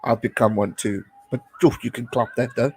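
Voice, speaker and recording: A South African man in his late twenties hosting a casual live watch-along, chatting and cheering excitedly at the game. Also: medium pitch, normal speed, husky, poor audio. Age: late 20s. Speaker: live-stream host.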